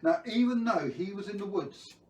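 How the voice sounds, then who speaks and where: A playful man hosts a live story time for children, cracking jokes and quizzing the viewers. His voice is slightly high. It echoes around the room from a distant mic, with a faint background hum. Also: animated, normal speed.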